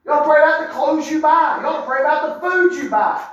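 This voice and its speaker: A middle-aged man preaching a sermon as a pastor, folksy and animated, with wry asides. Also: very high voice, fairly quick, muffled recording. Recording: echoey room sound.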